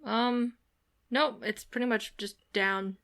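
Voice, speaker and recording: A woman's voice: fairly high pitch, steady tone, slow, gravelly, fairly bright tone. A woman playing a tabletop game, formal when in character and plain otherwise. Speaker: player. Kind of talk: tabletop role-play.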